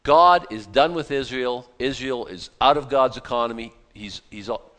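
A man preaching a sermon, reading scripture aloud and explaining it in a lively, conversational, folksy way. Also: medium pitch, moderate pace. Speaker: pastor.

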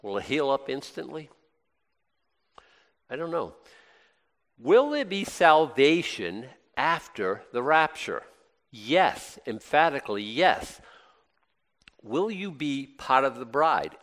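A man preaching a conversational sermon, asking his listeners questions and breaking into excited bursts. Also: mid-range voice, slow, pauses often. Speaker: pastor. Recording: long hall reverb.

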